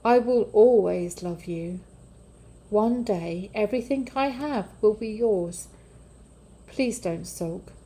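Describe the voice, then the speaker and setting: A forgiving storybook father, gentle and joyful, speaking slowly, as a woman reader gives him voice. Mellow, unhurried tone. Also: mid-range voice. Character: loving, forgiving father, middle-aged man.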